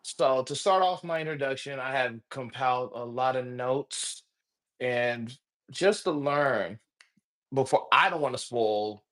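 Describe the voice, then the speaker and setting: A man with a Southern accent hosting a live podcast interview, talking in an animated, enthusiastic way. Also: medium pitch, unhurried. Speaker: podcast host.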